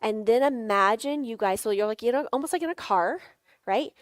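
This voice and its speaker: A woman's voice: on the high side, brisk, no room sound. Playful woman coaching a workshop crowd. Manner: playful, coaching, guides audience through tapping exercises; laughs often, jokey asides. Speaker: sales workshop speaker. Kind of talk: live workshop presentation.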